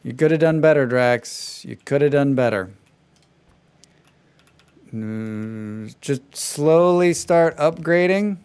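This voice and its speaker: A man's voice: fairly high pitch, slow pace, pauses often, darkish tone, smooth. A man livestreaming himself playing a game, chatting casually and making sarcastic, joking asides. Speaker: game streamer. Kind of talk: casual chat during a gameplay livestream.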